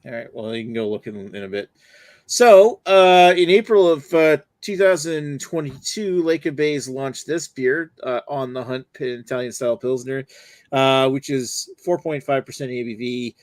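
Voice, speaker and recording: A man hosts a casual beer review livestream, talking in a loose, rambling way. His pitch is middling and the sound is dry and close. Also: normal speed, no echo. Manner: rambling, lots of fillers and restarts. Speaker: host.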